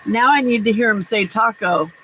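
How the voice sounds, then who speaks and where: A woman hosting a casual live crafting stream, chatty and quick to laugh as she reads out viewer comments. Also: fairly high pitch, pushed and bright, slight background noise, low-quality recording.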